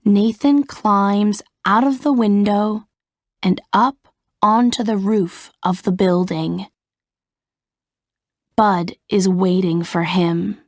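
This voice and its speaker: A woman narrating a story very slowly. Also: mid-range voice, fairly even intonation, dry recording, clean studio sound. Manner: slow, careful, clearly articulated reading. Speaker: audiobook narrator. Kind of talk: scripted narration of a graded reader story.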